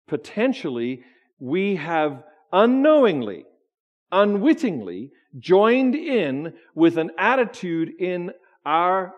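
A male pastor delivers a sermon to his congregation in a church sanctuary. His voice sits a little high for a man, and his delivery is loose and conversational, full of stammered restarts and teasing asides.

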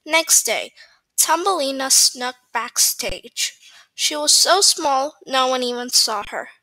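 Bright, slow storytelling woman. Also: high voice, vocal fry, no echo, rough recording. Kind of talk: bedtime story reading.

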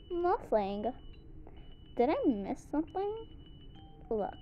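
A woman reading all the parts of a homemade drama, switching roughly between character voices. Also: high-pitched, lo-fi sound.

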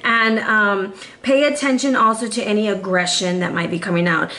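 A woman giving a casual, playful tarot reading to camera, chatty and quick to laugh. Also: medium pitch, fairly even intonation, bright, forceful tone, reverberant. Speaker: tarot reader.

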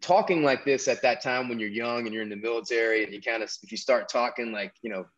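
A Southern American man, medium-pitched and a bit bright, speaks fast as a podcast guest, telling a long, rambling story peppered with fillers and restarts in a casual interview. The highs are cut off.

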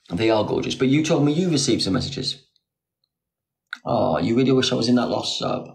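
A man's voice: on the low side, lively intonation, a little fast, vocal fry. A man hosting a live stream, reading out comments and answering viewers in a sarcastic, teasing way on a phone mic. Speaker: livestream host.

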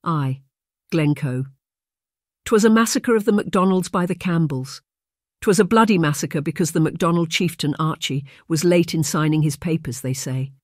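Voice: mid-range voice, moderate pace, no room sound, clean studio sound, natural voice. A narrator voicing a proud young Scottish boy who speaks in a matter-of-fact way, in broad Scots dialect with a Scottish accent. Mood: earnest. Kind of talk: audiobook character voice.

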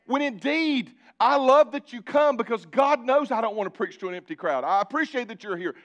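A male pastor preaching a sermon, building repeated phrases and dropping into quiet asides. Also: fairly quick, highs cut off. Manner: preaching with sudden drops to a low conversational aside.

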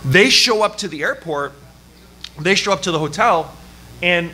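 A man from Canada preaches from the pulpit, recounting a story with a lively, self-mocking humor. His voice sits a little high and sounds bright and forceful, with frequent laughter. He speaks in a sermon style. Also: normal speed, long pauses, husky. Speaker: pastor. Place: church service.

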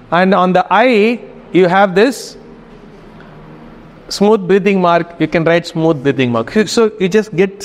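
A man with a high-pitched voice leads a Greek lesson, instructing the class and often pausing to ask "okay?" His words trail off into a long reverb.

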